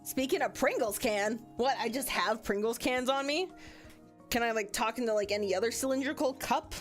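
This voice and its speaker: A woman's voice: moderate pace, faint music behind. A woman streaming a visual novel, reading aloud and chatting playfully with lots of giggles. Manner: giggly, playful, jumps high when excited.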